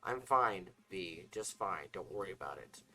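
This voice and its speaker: A man's voice: low-pitched, expressive, measured pace, bright, forceful tone, full character voice. A man voicing a cocky, dismissive young gang member in a read-aloud story.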